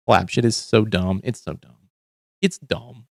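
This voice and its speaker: A man's voice: fairly low pitch, measured pace, creaky, a little mellow, no echo, studio quality. A man hosting a livestream, ranting in casual commentary with heavy swearing and frequent restarts. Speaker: livestream host.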